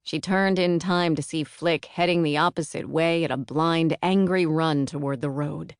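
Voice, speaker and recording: A woman narrating a novel as an audiobook in an even, measured manner. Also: sits low, clear, resonant tone, no echo, clean studio sound. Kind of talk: scripted narration.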